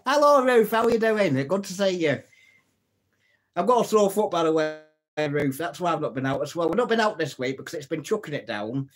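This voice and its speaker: A man's voice: a little high, animated, fairly quick. A man hosting a live stream, telling jokes, laughing at his own puns and chatting to viewers. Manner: greets and answers viewers' comments.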